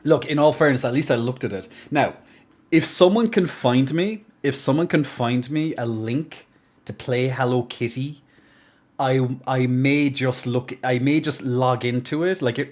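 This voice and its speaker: A young man live-streaming at his gaming desk, chatting casually with viewers. He rambles and often restarts his sentences. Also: mid-range voice. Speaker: game streamer.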